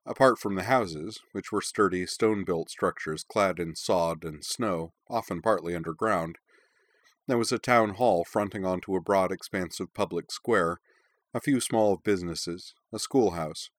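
Deep-voiced male story narrator. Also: no room sound, studio quality.

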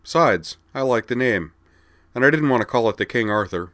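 A man's voice: mid-range voice, animated, a little fast, fairly bright tone, no echo, pitched above the performer's own voice, natural voice. A man reading a story aloud, voicing a blunt, wry adult male starship pilot and father in a slightly raised voice.

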